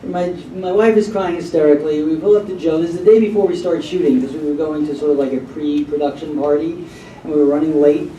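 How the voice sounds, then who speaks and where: A man with a high, mellow voice tells a rambling anecdote at a convention panel and slips into the voices of the people in it. The sound is roomy and distant, as if from a mic across a hall, with a faint hum behind him. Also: steady tone, quick pace, lo-fi sound. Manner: rambling storyteller who acts out quotes. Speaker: panel guest.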